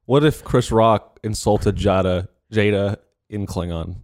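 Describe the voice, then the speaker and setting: A man co-hosting a comedy podcast, trading quick jokes. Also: on the low side, darkish tone. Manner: laughing, quick comebacks. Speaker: podcast co-host. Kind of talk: casual comedic chat.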